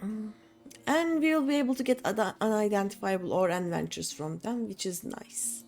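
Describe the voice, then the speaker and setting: A woman's voice: mid-range voice, normal speed, gravelly, darkish tone, faint music behind. A woman streaming a game, chatting casually and thinking aloud with many hesitant fillers. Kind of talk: casual gameplay chat.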